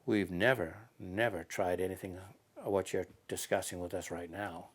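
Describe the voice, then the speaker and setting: Interviewee: man, lowish gravelly voice, halting anecdotal delivery. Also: steady tone. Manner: halting, many fillers and restarts. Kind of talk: casual storytelling.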